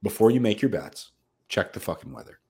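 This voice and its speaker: Brash guy on a betting podcast, swearing a lot, lowish voice, hyped about his picks. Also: big pitch swings, fairly quick, creaky, warm tone, breathy edge. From United States. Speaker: podcast co-host. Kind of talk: casual sports betting chat.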